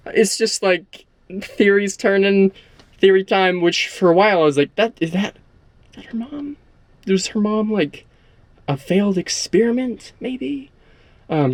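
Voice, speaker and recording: A young man talking excitedly and rambling about a show he loves, repeating how good it is. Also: a little high, no echo. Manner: gushing, rambling, repeats himself. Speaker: show reviewer. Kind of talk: excited casual episode discussion.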